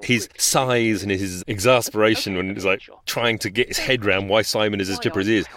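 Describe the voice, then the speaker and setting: A man's voice: lowish voice, fairly even intonation, brisk, fairly bright tone. A man and voice actor, reminiscing enthusiastically in casual chat. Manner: enthusiastic, effusive.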